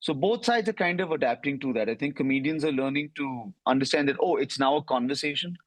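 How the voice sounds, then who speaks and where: A man's voice: medium pitch, lively intonation, fast talker, dry recording, rough recording. A man, a comedian guest in an interview, answering in a conversational, reflective way with occasional fillers.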